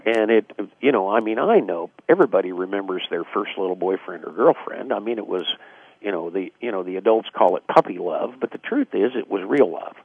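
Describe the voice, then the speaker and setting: A man with a low, gravelly, husky voice talks reflectively as a radio guest, piling on fillers. He comes through a tinny, dry phone line. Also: animated, brisk, no echo. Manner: reflective, acts out quoted dialogue, frequent fillers. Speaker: guest author. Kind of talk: casual radio interview explanation.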